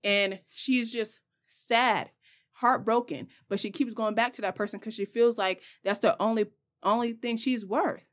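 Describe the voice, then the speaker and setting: A woman's voice: on the high side, steady tone, a little slow. Blunt, fired-up young woman podcaster. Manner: passionate, blunt, talks straight to listeners. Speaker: podcast host. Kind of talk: casual advice monologue.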